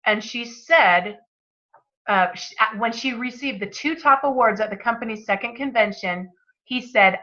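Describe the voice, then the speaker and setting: A woman's voice: on the high side, moderate pace, sharp tone, muffled recording. A woman hosting a book club, reading passages aloud and commenting with enthusiastic, motivational energy.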